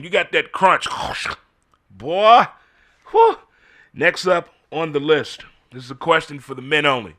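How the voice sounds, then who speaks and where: Man, middle-aged, lively bright voice, casual solo commentary, incredulous questions. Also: fairly high pitch, a little slow, pauses often, a faint crowd. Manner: animated, incredulous rhetorical questions. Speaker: host.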